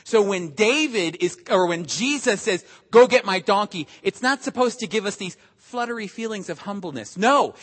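A man preaching a sermon as pastor, animated and emphatic, acting out quotes as he goes. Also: high voice, slightly rough. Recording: long hall reverb.

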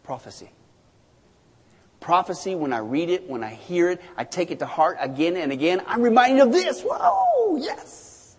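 Lively male pastor with a husky, high-pitched voice, recorded in an echoey hall. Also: moderate pace. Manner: animated, joking, repeats for emphasis. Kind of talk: sermon.

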